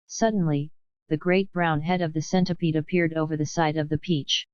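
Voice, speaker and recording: Smooth low-voiced woman narrator. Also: normal speed, no echo. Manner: steady storybook reading. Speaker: audiobook narrator. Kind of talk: scripted narration. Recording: dull dry studio recording.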